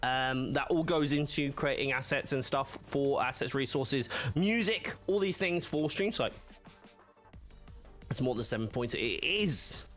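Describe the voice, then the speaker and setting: A man's voice: mid-range voice, unhurried, fairly bright tone, soft background music. A man hosting a livestream, chatting casually with viewers and telling rambling stories full of fillers and laughs. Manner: rambling storytelling, laughs often, many fillers. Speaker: livestream host. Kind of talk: casual chat reading live chat.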